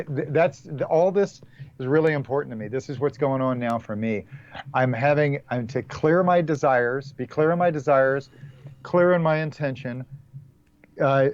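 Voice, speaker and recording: A man in a mid-pitched voice speaks in a relaxed, rambling way, coaching listeners on feeling calm and open. His voice comes through a dull, muffled remote line. The sound is close and dry, with no room in it. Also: no room sound. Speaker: guest, spiritual teacher. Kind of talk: casual spiritual talk.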